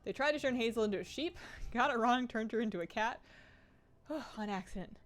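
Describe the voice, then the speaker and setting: A woman's voice: on the high side, a little fast. A woman hosting a casual live stream from home while gaming, chatty and rambling with frequent laughs, her sentences restarting. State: slightly out of breath.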